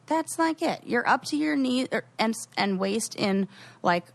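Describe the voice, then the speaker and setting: A young woman co-hosting a podcast, telling animated stories in casual chat with quoted asides. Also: fairly high pitch, normal speed, gravelly. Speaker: podcast co-host.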